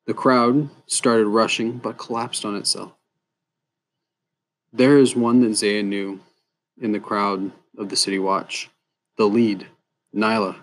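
A man narrating a fantasy story in a measured, unhurried way. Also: lowish voice, fairly even intonation. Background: soft guitar music.

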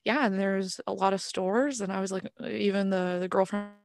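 A woman's voice: medium pitch, moderate pace, dry recording. A woman chatting on her podcast, bouncing between her own voice and the voices of the people in her anecdotes. The sound is dry and close, with no room around it. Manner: animated storyteller, acts out quoted dialogue. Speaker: podcast co-host. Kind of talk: casual chat. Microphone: podcast mic.

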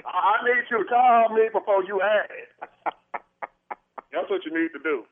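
A man's voice: high-pitched, moderate pace. A man on a phone call, sassy, defiant and dramatic, arguing back at the caller. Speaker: choir director being pranked. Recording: tinny phone line.

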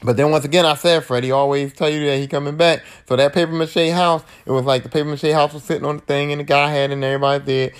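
A man's voice: fairly high pitch, fairly even intonation, fast talker, hardly any pauses, smooth. A man hosting a podcast, recapping horror movies in a slangy, profane, rambling way. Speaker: podcast host.

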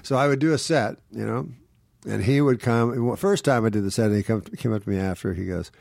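A man's voice: lowish voice, fairly quick, gravelly, a little mellow, dry recording, studio quality. A man, a guest comedian, telling rambling, wry anecdotes in casual talk full of fillers. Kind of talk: casual storytelling on a podcast.

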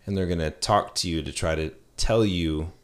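Deep-voiced reflective man hosting. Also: moderate pace. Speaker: podcast host. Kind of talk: casual podcast conversation.

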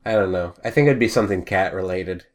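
A young man chatting casually on a podcast, rambling and joking, and acting out little shouted scenes. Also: low-pitched, quick pace. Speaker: podcast host. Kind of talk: casual chat.

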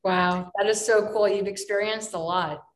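Female host, friendly casual interviewer, mid pitch, echoey room sound. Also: steady tone, normal speed. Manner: friendly, asks rambling questions. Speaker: podcast host.

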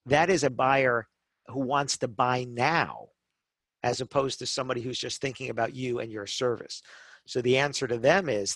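A middle-aged man in easy podcast conversation, spinning sales stories with lots of energy and acting out the customers he describes. He keeps checking in with a quick "right?". The sound is close and dry. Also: mid-range voice, dry recording. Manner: animated storytelling, acts out customers, frequent "right?" tags. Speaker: guest speaker on wedding business.

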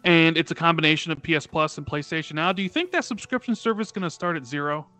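Bright-voiced rambling man in gaming chat. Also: a little high, fast, faint music behind. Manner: rambling, lots of fillers, rhetorical questions. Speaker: podcast guest.

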